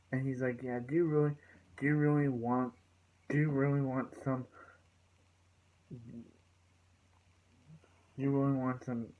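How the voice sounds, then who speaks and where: A man reviewing a TV show gives a loose, rambling recap of an episode, paraphrasing what the characters say with lots of "so yeah" fillers. His voice is medium-pitched and the recording is low quality.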